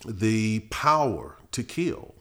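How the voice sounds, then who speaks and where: A middle-aged man, a pastor teaching Bible verses on a podcast, who gets louder and higher when he reads scripture. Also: lively intonation, takes it slowly. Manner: preachy, rises in pitch and force reading scripture.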